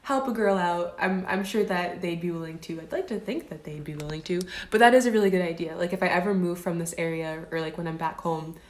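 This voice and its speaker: A woman's voice: on the low side, fast, few pauses. A chatty woman in her twenties answers viewer comments on a casual live stream. She talks loosely and leans on "um" and "like" between thoughts. Her voice sits in a roomy space with noticeable echo. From United States. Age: 20s. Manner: chatty, fillers like "um" and "like".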